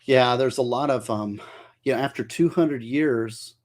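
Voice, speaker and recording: A man's voice: medium pitch, unhurried. A man who works as a public defender, talking in a chatty, opinionated and joking way as a livestream guest. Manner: talkative, opinionated, jokey. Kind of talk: casual livestream chat.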